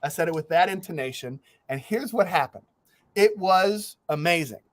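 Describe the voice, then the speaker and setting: Brief: male podcast host, younger adult, lively storyteller with a slightly raised pitch, dry close mic. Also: normal speed, no room sound. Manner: animated, laughs through his stories, swears freely. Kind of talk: casual storytelling chat.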